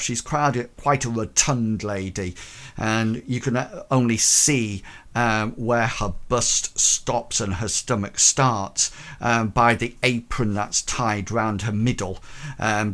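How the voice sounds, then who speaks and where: Man as a halting, slow-talking game master. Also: fairly low pitch, a bit bright. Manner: halting, full of ums. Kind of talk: narrating a tabletop game.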